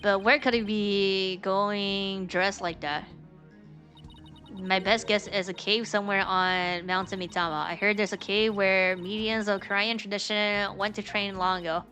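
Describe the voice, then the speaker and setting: A woman's voice: mid-range voice, steady tone, unhurried, pushed and bright, soft background music. A woman streaming a story game, reading its dialogue aloud with casual, slangy asides. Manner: casual, swears and laughs between lines.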